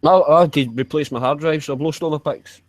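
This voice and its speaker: A man's voice: on the high side, fairly even intonation, quick pace, no room sound. A man in his forties with a Yorkshire accent, chatting casually over voice chat and swearing freely in friendly banter. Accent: Yorkshire English. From Yorkshire, England.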